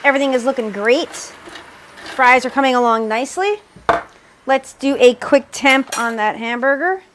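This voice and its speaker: A woman's voice: sits high, moderate pace, background noise. A woman hosting a home cooking video, narrating each step with upbeat enthusiasm. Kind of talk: cooking demonstration.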